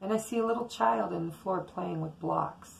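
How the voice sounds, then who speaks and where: A woman's voice: lowish voice, moderate pace, gravelly, rough recording. A woman giving a casual, rambling daily tarot reading straight to camera, talking in a chatty, intuitive way. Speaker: tarot reader.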